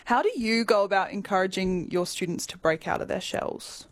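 A woman's voice: mid-range voice, normal speed. A woman interviewing her former teacher, friendly and admiring. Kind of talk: interview questions.

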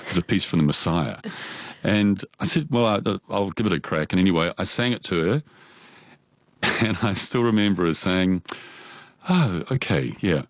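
A man with a New Zealand accent, an opera singer, telling stories from his early life in a relaxed, chatty way with frequent laughs. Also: low-pitched, moderate pace, dry recording. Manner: chatty, laughs often, animated quoting. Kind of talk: relaxed storytelling.

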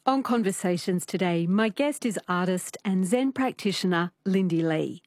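A woman radio host interviewing a guest with gentle, probing questions. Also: lowish voice, animated, normal speed, dry recording, studio quality.

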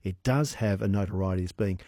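A man hosting an evening radio show in a studio, joking playfully with quick asides. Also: deep voice, warm tone, no echo. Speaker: radio host. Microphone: studio microphone.

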